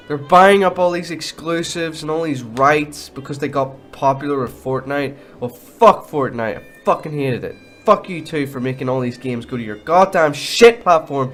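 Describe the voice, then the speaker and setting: A man's voice: a little high, a bit bright. A man delivering a heated, profane rant as a gaming commentator, talking alone in a ranting monologue.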